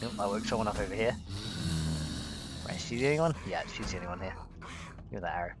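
A young man giving a let's play commentary, chatting as he plays with sudden excited exclamations. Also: lowish voice, fast talker, very noisy. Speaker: gaming video host. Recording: game sounds with insect buzz behind.

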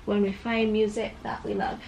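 A woman's voice: mid-range voice, little pitch movement, normal speed, darkish tone, a little hiss or hum, close to an everyday voice. A woman reading a storybook aloud, voicing a shy, sad young male giraffe. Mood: tender. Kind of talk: reading a picture book aloud.

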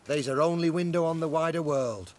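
A man's voice: a little high, a little fast, lightly acted. An actor playing a plain-spoken male servant with rustic grammar. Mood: somber.

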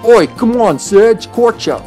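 A man's voice: high-pitched, lively intonation, slow pace, darkish tone, faint music behind, pitched above the performer's own voice. Man putting on a brash Aussie thief girl. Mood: cocky. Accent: put-on Australian. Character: brash young female thief, tough and cocky.

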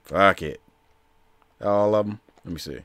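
A man's voice: lowish voice, a little slow, fairly bright tone, faint music behind. A man giving casual, profane commentary while playing a video game, grumbling and talking back to the game itself. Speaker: streamer.

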